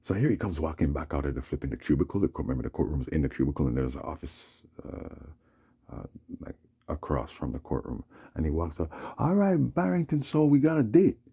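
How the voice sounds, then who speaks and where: Male vlogger, rambling monologue, rough, husky and low. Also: quick pace, mellow, dull audio. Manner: rambling, agitated, repeats "you know what I'm saying". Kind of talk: casual storytelling monologue.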